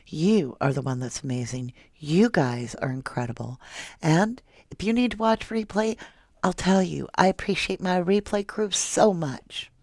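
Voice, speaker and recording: Gravelly slow-talking woman streamer. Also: on the low side, darkish tone, no echo, clean studio sound. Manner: emotional, chatty, reads viewer comments aloud. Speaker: true crime livestream host. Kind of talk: casual livestream chat with viewers.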